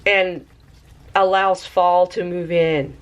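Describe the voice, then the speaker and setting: A woman hosting a casual craft review vlog, chatty and excitable, talking to viewers like friends. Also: slow, lo-fi sound. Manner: bubbly and excitable, squeals with high delight. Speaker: craft video host.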